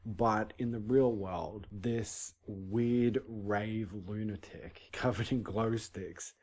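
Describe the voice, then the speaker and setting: A man co-hosts a podcast, voicing strong opinions in an emphatic way. He often breaks off and restarts his sentences. His voice sits somewhat low. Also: steady tone, slow pace, darkish tone. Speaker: podcast co-host. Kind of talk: casual chat.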